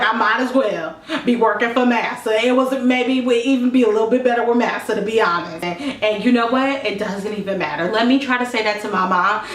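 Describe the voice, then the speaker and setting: Vlog lead: high-voiced young woman, animated comic storyteller, roomy echo, a bit off-mic. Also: a little hiss or hum. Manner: animated, exaggerated, laughing through lines. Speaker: vlogger. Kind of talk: comedic storytelling monologue. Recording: echoey room, mic at a distance.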